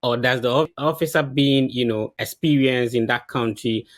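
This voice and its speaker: A man's voice: mid-range voice, moderate pace. A man hosting an interview, asking long, carefully framed questions. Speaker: interview host.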